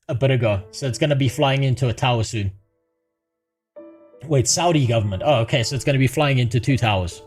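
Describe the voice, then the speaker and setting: A man's voice: mid-range voice, darkish tone. Male streamer, profane and joking, live casual commentary with faint background music. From South Africa. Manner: crude, profane, laughs at his own jokes. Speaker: livestreamer.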